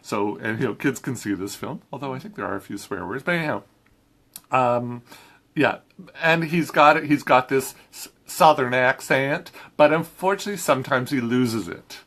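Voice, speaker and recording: A man's voice: mid-range voice, normal speed, fairly bright tone. A man reviewing a film in a casual chat, talking easily with frequent restarts and laughs. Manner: chatty, laughs often, many restarts.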